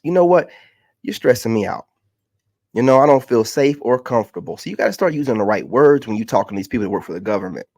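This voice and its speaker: A man's voice: medium pitch, expressive, fast talker, darkish tone, no room sound, clean studio sound. A man, a content creator venting in a heated, mocking rant. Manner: exasperated, ranting, mocking.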